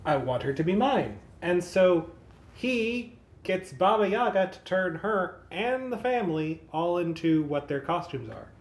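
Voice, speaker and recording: A podcast co-host in casual chat, calmly explaining plots in detail. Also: medium pitch, measured pace, roomy sound.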